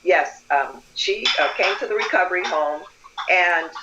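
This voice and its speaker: An older woman who leads her community tells stories during an interview, animatedly acting out the dialogue she quotes. Her voice is lowish and a little slow, and the recording is muffled with background noise.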